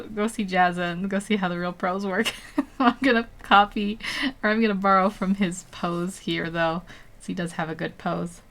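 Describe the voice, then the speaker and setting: A woman's voice: mid-range voice, fairly bright tone. A young adult woman on a live stream, chatting casually and thinking aloud as she draws, laughing often. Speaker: digital artist streaming. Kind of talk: live-stream chat while drawing.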